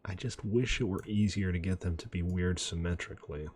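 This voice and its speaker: A man casually commenting on his city-building game as he plays, relaxed and chatty with self-deprecating asides. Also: low voice, fairly quick, a little hiss or hum. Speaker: gaming video host. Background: faint mouse clicks and typing.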